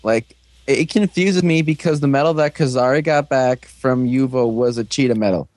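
A man's voice: darkish tone, no echo. A man casually recapping episodes on a podcast, rambling with lots of fillers and briefly putting on voices for the characters. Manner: rambling, frequent "like" and "um", puts on quick high voices for characters. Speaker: podcast host recapping a show.

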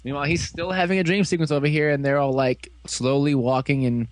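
A man casually recapping an episode for friends, animated and full of fillers, slipping into quick voices for the characters. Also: fairly high pitch, dry recording. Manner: animated storytelling, fillers and quick acted quotes. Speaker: fan reviewer recapping an episode.

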